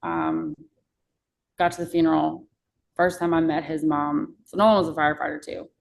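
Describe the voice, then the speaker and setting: Podcast guest: young woman, low and gravelly, candid storyteller who curses freely. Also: level tone, normal speed, rough recording. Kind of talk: casual emotional storytelling.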